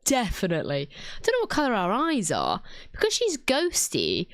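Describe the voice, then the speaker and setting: Lively giggly young British woman. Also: medium pitch, moderate pace, clean tone, no room sound, clean studio sound. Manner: giggly, self-mocking, thinks aloud. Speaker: drawing video creator. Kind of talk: casual commentary while drawing.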